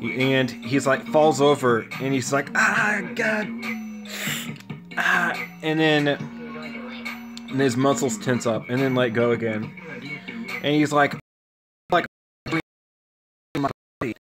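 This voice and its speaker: Slow, rambling male storyteller. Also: mid-range voice, steady tone. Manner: rambling, halting, many fillers and restarts. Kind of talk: casual spoken story retelling. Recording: music playing under the voice.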